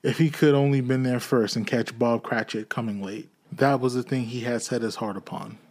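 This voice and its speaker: Guy reading an old novel out loud, steady and measured, mid pitched voice. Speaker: audiobook reader. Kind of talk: reading a classic novel aloud.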